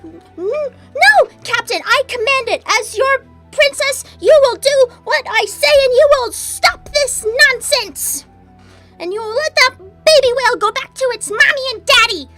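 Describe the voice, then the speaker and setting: Woman playing a shrill, tearful little princess. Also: very animated, moderate pace, music in the background. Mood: commanding. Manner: whiny, childish, sobbing pleas. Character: young girl princess, spoiled and tearful. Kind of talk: tabletop role-play.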